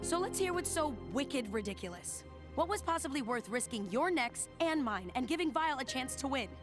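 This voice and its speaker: A woman's voice: high-pitched, animated, normal speed. An actress playing a stern young female thief leader, scolding her friends in a clipped way, from a cartoon clip with music behind.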